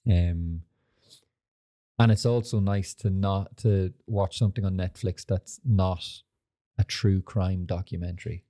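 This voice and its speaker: Rambling, sweary young man, mellow voice. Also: sits low, steady tone, a little slow. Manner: rambling and sweary, full of fillers. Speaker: podcast host. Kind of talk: casual chat.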